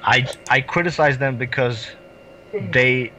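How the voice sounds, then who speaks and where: A man's voice: mid-range voice, unhurried, bright, forceful tone. A man arguing in an online voice chat, defensive and exasperated. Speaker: guest. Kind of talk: heated voice chat argument.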